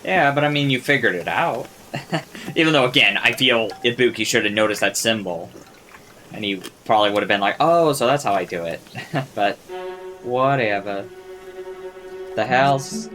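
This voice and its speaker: A man giving casual reaction commentary to a show, excitable and swearing freely as he talks back at the screen. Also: lowish voice, moderate pace, long pauses. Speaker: reaction video host. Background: show audio and music playing.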